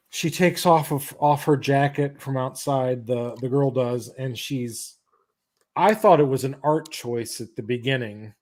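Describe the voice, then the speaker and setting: A man hosts a podcast in easygoing chat, his pace slow and unhurried. He pauses often and restarts phrases as he retells the story. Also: medium pitch, darkish tone. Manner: halting retelling of a comic's plot. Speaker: podcast host. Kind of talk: casual chat.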